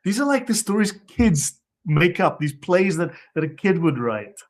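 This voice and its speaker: A man's voice: high voice, very animated, normal speed. A man hosting a casual online show, with sarcastic, exasperated asides. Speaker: host.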